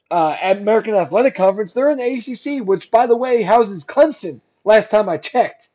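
A young man hosting a solo sports podcast, ranting sarcastically and swearing, dropping from low mutters to loud outbursts. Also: expressive, fairly quick, hardly any pauses, highs cut off. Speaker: podcast host.

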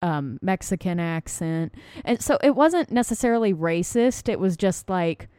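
A chatty woman with a low, smooth voice, talking casually as a podcast co-host. She gushes and stresses her words. The sound is dry and close. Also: lively intonation, normal speed, dark tone, no room sound. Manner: chatty, gushing, emphatic. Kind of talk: casual chat about a film.

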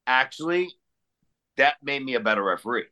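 A man's voice: mid-range voice, expressive, brisk, bright, forceful tone. A man co-hosting a podcast, talking in a casual, emphatic and profane way. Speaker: podcast co-host, former referee.

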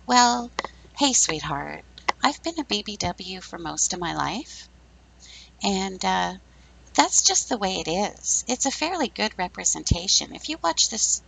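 Blunt woman in her fifties, gravelly. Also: medium pitch, fairly bright tone, slight background noise, rough recording. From Canada. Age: 50s. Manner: blunt, sarcastic, chatty. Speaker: podcast host. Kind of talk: casual opinion monologue.

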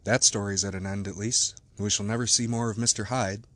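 A man doing a frank, wry gentleman. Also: fairly low pitch, fairly even intonation, a little fast, close to an everyday voice.

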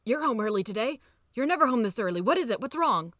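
A woman voicing a whiny, milk-obsessed little male mouse, shrill and pleading in a storybook reading. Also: expressive, fast talker, fairly bright tone, dry recording, clean studio sound. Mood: anxious.

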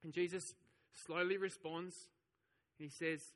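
A man's voice: on the high side, fairly even intonation, measured pace, a bit bright, big-room sound. A man preaching a sermon, telling the story with animation and acting out the voices of the crowd. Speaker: pastor.

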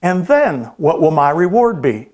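A man playing a contented fisherman who asks quiet, gentle questions. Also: on the high side, very animated, measured pace. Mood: calm. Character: calm, contented fisherman, smiling and unhurried.

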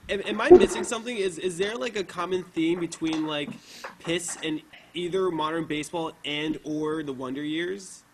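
A man's voice: fairly high pitch, moderate pace, a crowd in the background, poor audio. A young man hosting a podcast, chatting casually and telling a story full of fillers and swearing. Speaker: podcast host. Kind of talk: casual chat.

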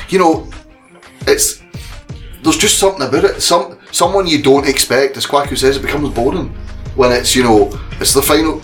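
A man co-hosting a casual talk podcast, rambling and animated with many restarts. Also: mid-range voice. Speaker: podcast co-host. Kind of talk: casual chat.

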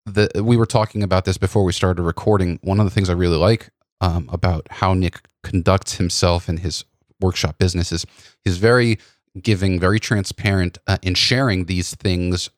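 A man hosting a podcast about photography workshops, telling stories in an animated way with many restarts. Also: low voice, moderate pace, no room sound, clean studio sound. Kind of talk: casual conversational storytelling.

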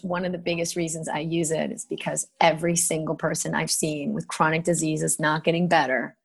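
A woman leading a tapping exercise in a podcast interview, giving soothing step-by-step instructions with lively asides. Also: on the low side, vocal fry. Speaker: practitioner guest. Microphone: podcast microphone.

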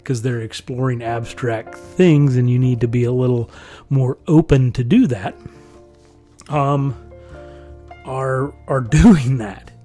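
A man holds forth in a loose, rambling monologue at a middle pitch, laughing lightly between thoughts. Soft music sits faintly underneath his talk. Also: slow pace. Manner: rambling and conversational, with frequent chuckles. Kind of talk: casual monologue.

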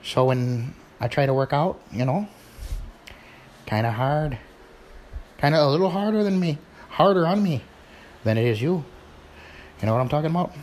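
A man putting on a playful, put-on Irish accent in a higher, sing-song voice. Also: expressive, normal speed, pauses often, a little mellow, slight background noise, close to an everyday voice, poor audio. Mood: teasing.

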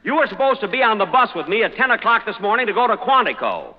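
Hesitant comic man, high lively voice. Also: fast talker. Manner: hesitant, dry comic timing. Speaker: comedy show host. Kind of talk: 1940s radio comedy. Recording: hissy lo-fi old radio recording.

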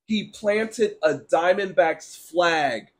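High-voiced man ranting about sports. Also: drawn-out words. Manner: blunt, animated, sarcastic ranting. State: sore throat. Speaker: sports talk show host. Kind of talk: casual opinionated sports talk, reading live chat.

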